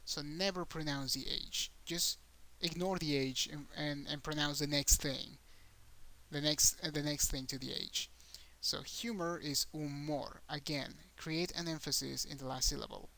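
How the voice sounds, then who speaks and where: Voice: medium pitch, steady tone, normal speed, creaky, bright, forceful tone, rough recording. A Spanish teacher giving an online lesson, patiently repeating each example word and stressing syllables to show pronunciation.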